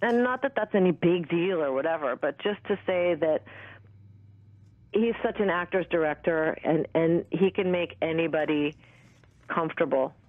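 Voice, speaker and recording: A woman in her fifties, an actress, telling stories in a candid, animated way with plenty of fillers and the odd swear word. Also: sits low, moderate pace, dry recording. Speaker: actress and interview guest. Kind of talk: casual storytelling interview. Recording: tinny dry phone line.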